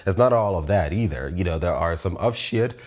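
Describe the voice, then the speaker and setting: A man in his thirties hosting his own show, talking through a casual philosophical monologue, animated, laughing often and swearing freely. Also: sits low, brisk. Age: 30s. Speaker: show host.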